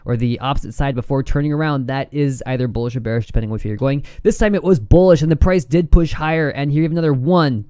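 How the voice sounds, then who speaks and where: A man doing a casual vlog about trading charts, excitable and giddy, quick to laugh as he goes. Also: fairly high pitch, clear, resonant tone, dry recording, clean studio sound. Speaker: trading vlogger.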